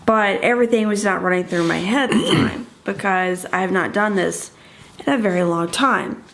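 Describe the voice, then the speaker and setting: A woman's voice: medium pitch, moderate pace, creaky, a bit bright. A woman co-hosting a casual podcast, telling a story in a chatty, rambling way full of fillers. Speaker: podcast co-host.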